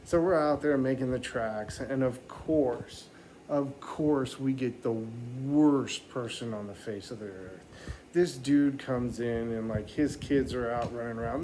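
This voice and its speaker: A man's voice: mid-range voice, measured pace, slight background noise, poor audio. Man telling a rambling stand-up story. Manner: animated, rambling storytelling with mock voices. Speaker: stand-up comedian.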